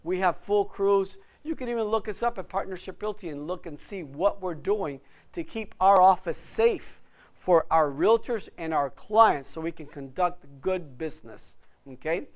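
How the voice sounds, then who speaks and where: A man's voice: high voice, moderate pace. A man who is a real estate broker, giving an instructional class to agents in an emphatic, motivational way and repeating words for stress. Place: office classroom.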